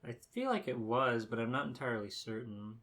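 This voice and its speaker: A man's voice: medium pitch, big pitch swings, a little fast, a bit bright. A man hosting a casual podcast chat, playful and joking, often breaking into laughs. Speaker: podcast host.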